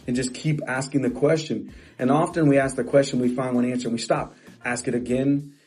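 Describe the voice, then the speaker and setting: A man's voice: mid-range voice, fairly even intonation, brisk, darkish tone, breathy edge. A middle-aged man coaching real estate agents in a motivational talk, emphatic and repetitive, often restarting phrases.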